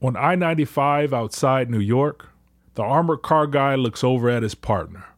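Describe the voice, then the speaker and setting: A man narrating a radio show in measured, scripted storytelling. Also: mid-range voice, animated, no room sound, studio quality. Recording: music underneath.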